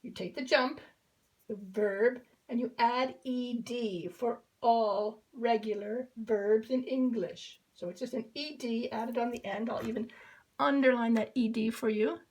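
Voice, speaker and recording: Brief: female teacher, slightly high voice, unhurried, patient children's lesson tone. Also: fairly even intonation, darkish tone, poor audio. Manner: patient, repeats each verb form in drills. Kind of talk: slow classroom explanation.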